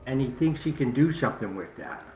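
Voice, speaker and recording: A man playing his character in a tabletop game, speaking deliberately. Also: medium pitch, animated, warm tone, roomy sound, soft background music, poor audio. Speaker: player.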